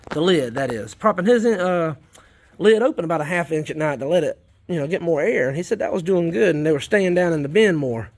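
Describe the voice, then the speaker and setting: Speaking fairly quickly, animated and fairly high in pitch, a South Carolina worm farmer with a Southern accent talks to his vlog audience. He rambles in a casual, folksy way while working on the worm bins in his shed.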